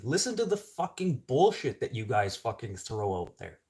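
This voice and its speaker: A man's voice: mid-range voice, sing-song, moderate pace, a little mellow. A middle-aged man from Canada in a casual ranting monologue, blunt and swearing, rising to sudden outbursts. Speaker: vlogger.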